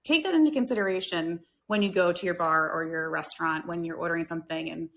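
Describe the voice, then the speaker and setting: A woman's voice: lowish voice, fast talker, creaky. An American woman hosting a hospitality talk show, speaking earnestly and chattily with lots of fillers. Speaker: podcast host, hospitality worker. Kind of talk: casual talk-show chat.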